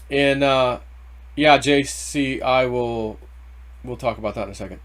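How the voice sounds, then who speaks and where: A man hosting a casual crypto video, rambling through price talk in loose slang and getting worked up over the numbers. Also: medium pitch. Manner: rambling, excitable, quick to get worked up over price ticks. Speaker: crypto channel host. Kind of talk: casual market commentary.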